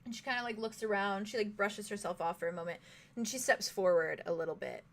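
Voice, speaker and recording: A young woman narrating as game master in a tabletop game, halting, with many fillers and giggles. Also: mid-range voice.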